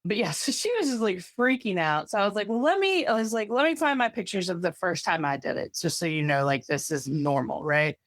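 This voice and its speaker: A woman with a lowish voice rambles through a story, stacking "like" after "like" and swearing casually. The sound is dry and close, with no room around her. It is relaxed, chatty podcast talk. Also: brisk, hardly any pauses, no echo. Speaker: podcast co-host. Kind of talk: casual chat.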